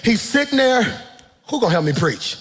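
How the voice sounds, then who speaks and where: A man preaching a sermon as pastor, fervent and shouting in rising calls. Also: extremely high pitch, very animated, normal speed, long reverb tail, a little hiss or hum.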